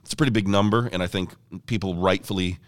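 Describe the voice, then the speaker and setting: A man's voice: low-pitched, fairly even intonation, fast talker, dry recording, studio quality. A man, an evangelist being interviewed, telling a story in an earnest, fluent way. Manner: earnest, fluent storyteller who quotes others. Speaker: evangelist guest. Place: ministry headquarters office.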